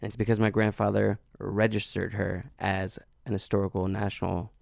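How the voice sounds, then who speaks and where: A man's voice: fairly low pitch, level tone, moderate pace, gravelly, darkish tone, no room sound, clean studio sound. A man hosting a podcast, laid-back and chatty, dropping dude and yo. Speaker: podcast host. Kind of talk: casual podcast banter.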